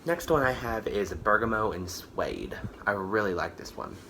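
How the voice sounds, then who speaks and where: A man's voice: on the low side, animated, moderate pace, sharp tone, slight background noise. A man chatting casually through a candle haul, rambling with lots of fillers and self-corrections, a bit tired and out of breath. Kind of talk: casual product review chat.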